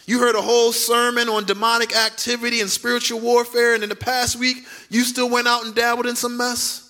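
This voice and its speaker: A man preaching a sermon as pastor, speaking to the congregation with direct questions and drawn-out emphatic words. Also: very high-pitched, level tone, bright, forceful tone. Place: church sanctuary.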